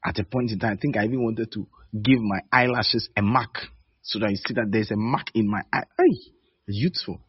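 A man's voice: fairly low pitch, moderate pace, breathy edge, dry recording, dull audio. A man preaching a sermon as pastor, conversational and teasing, laughing between points.

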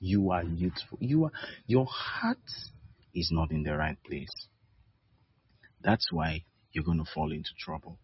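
A man's voice: sits low, animated, unhurried, pauses often, husky, dull audio. A man preaching a sermon as pastor, conversational and teasing, laughing between points.

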